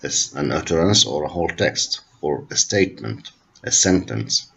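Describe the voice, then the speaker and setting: A man with Arabic as his first language, giving a university linguistics lecture in a slow, repetitive explaining manner and switching into Arabic at times. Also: very deep voice, animated, creaky, sharp tone, breathy edge. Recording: dull lo-fi recording.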